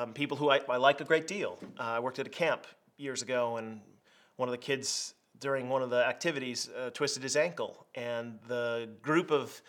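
A middle-aged man preaching a conversational sermon, telling stories in a lively, plain-spoken way. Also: medium pitch. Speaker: pastor.

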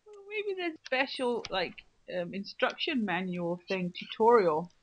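A woman's voice: mid-range voice, sing-song, a little slow, lo-fi sound, a little hiss or hum. A woman co-hosting a casual podcast chat at home, teasing and laughing often. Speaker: podcast co-host.

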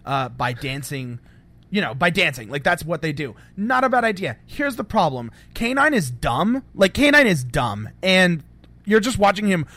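Casting: man, podcast co-host, slightly high voice, bright tone, animated and rambly. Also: moderate pace. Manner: animated, rambling retelling with lots of fillers. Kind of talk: casual fan podcast chat.

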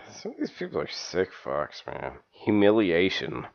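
A man's voice: low voice, wildly swooping pitch, slow, vocal fry. A man co-hosting a podcast in casual comedic chat, reading things aloud with dry, wry asides, recorded with dull lo-fi sound. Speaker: podcast co-host.

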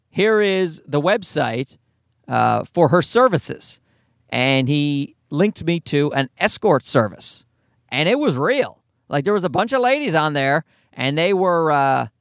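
A young man doing storytelling stand-up comedy, profane and animated, acting out the people in his story. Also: on the high side, no echo, clean studio sound. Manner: animated, profane, acts out quoted voices.

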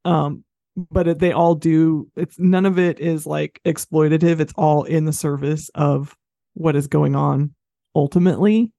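A woman's voice: deep voice, fairly even intonation, a little slow, vocal fry, mellow, dry recording, clean studio sound. A woman co-hosting a podcast, talking about a film in a chatty, easygoing way. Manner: chatty, easygoing, laughs often. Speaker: podcast co-host. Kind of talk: casual film review chat.

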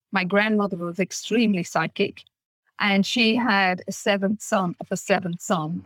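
A woman from Ireland with an Irish accent, a podcast guest and author telling her life story gently. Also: fairly low pitch, no room sound, poor audio. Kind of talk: interview storytelling.

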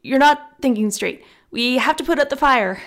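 A woman voicing an anxious, practical young man who calls out in a higher, strained voice in an audiobook. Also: lively intonation, moderate pace. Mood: urgent. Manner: loud, strained, pushed higher.

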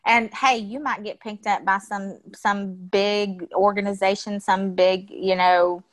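A woman's voice: mid-range voice, fairly even intonation, measured pace. A woman speaking as a podcast guest, blunt and outspoken, swearing freely in casual conversation. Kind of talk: casual interview chat.

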